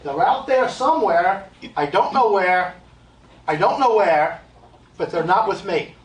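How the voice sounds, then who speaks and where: This man's voice sits high and moves with lively intonation at a slightly slow pace. He's an American medium giving a live stage talk in an event hall, blunt and emphatic, repeating himself with joking asides. The recording is echoey, captured from a distance.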